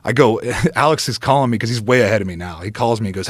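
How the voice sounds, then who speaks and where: A man on a podcast telling a long hunting story in a casual, animated way, swearing often and laughing between lines. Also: on the low side, fast, slightly rough, dry recording. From United States. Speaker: podcast guest, former football player.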